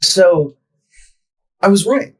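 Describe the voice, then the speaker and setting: A man's voice: high voice, animated, very slow, fairly bright tone, husky, rough recording. A young man telling a profane, ranting story as a podcast co-host in casual chat. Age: young adult.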